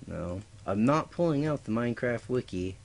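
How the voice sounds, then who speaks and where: A man's voice: medium pitch, lively intonation, normal speed, vocal fry. A man giving casual gameplay commentary as a let's player, goofy and talking to himself with little sound effects. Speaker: let's play gamer.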